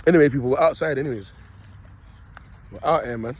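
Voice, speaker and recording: A man's voice: mid-range voice, fairly quick, darkish tone, breathy edge. A young man, filming himself on a phone outdoors while walking his dog, delivering a rambling, preachy monologue that he keeps punctuating with "you get me" and "people.". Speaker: self-styled prophet vlogger.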